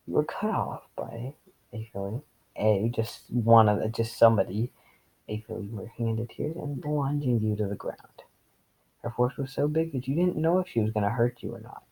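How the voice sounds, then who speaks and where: Gravelly man reading with sarcastic asides. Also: mid-range voice, normal speed, warm tone, rough recording. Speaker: reader. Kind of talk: reading fan fiction with commentary.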